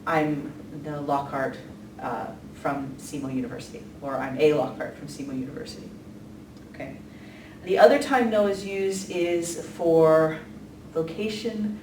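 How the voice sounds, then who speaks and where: A woman giving a casual, chatty lesson, with many ums and light laughs. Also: deep voice. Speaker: language teacher. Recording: echoey room from a distance, faint noise.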